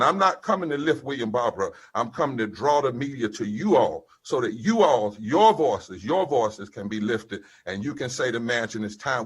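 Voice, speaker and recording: Husky, fiery older preacher man. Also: medium pitch, a bit bright. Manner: preacherly, rising emphatic cadence. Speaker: preacher and campaign leader. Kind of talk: impassioned rally speech.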